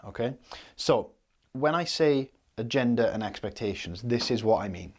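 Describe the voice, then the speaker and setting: A man's voice: medium pitch, animated, moderate pace. A young man teaching sales technique in a casual, explanatory way, often ending a point with "okay?". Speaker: sales coach. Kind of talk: instructional talk to camera.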